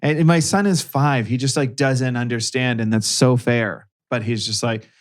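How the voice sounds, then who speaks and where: A man's voice: mid-range voice, normal speed. A man in his thirties, a guest podcast co-host, telling a casual story with dry, sarcastic humor.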